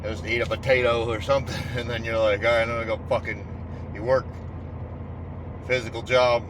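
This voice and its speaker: A man's voice: medium pitch, flat delivery, fairly quick, background noise. A man giving a casual, rambling motivational talk, swearing constantly and speaking with raw intensity.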